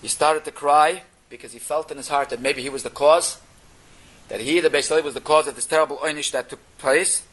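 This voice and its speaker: A man telling a Torah story in an animated way, mixing Yiddish and Hebrew terms into his English. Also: a little high, a little fast, low-quality recording.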